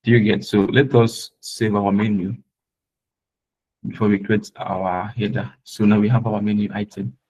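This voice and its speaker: A man's voice: fairly low pitch, flat delivery, normal speed, darkish tone, slightly rough, poor audio. A man teaching a live web design class, patiently repeating points and often checking that his students are following. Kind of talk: live screen-share tutorial.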